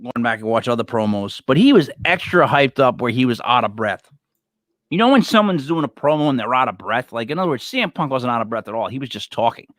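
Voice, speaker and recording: A man co-hosting a casual wrestling podcast, excitable and stumbling over his words. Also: mid-range voice, no room sound, studio quality. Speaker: podcast co-host.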